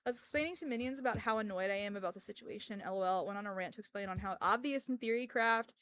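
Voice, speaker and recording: A woman's voice: medium pitch, quick pace, fairly bright tone. A woman streamer chatting casually with her audience, rambling and joking and talking to her dogs between thoughts. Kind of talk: casual live-stream chat.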